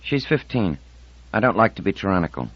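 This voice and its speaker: A man's voice: sits low, sing-song, a little fast, no room sound. A man reading an audiobook, voicing an anxious, stern middle-aged mother who pleads and bristles. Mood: anxious, indignant. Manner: raised, pleading, indignant. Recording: dull dry audiobook recording.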